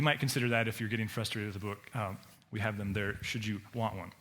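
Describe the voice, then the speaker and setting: A man preaching a Sunday sermon at a middle pitch, talking it through conversationally. He often repeats words and restarts his sentences. Now and then he jumps higher to act out a quoted voice. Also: fairly even intonation, fast talker, a bit bright. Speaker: pastor.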